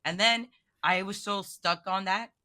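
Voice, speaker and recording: A woman's voice: medium pitch, a little slow. A woman guest on a podcast, chatting casually and emotionally, full of "like" fillers. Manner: excitable, emotional, heavy "like" fillers. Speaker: guest miniature painter.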